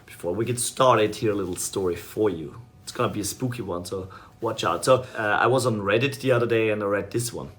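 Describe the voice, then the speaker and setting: A man's voice: on the low side, a bit bright. A man teaching an online sales course, talking casually and rambling with fillers. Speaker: sales trainer.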